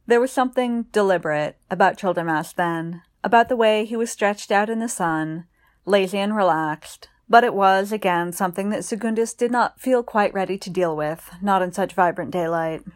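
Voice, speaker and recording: A woman reading fiction aloud in a calm, unhurried way. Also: medium pitch.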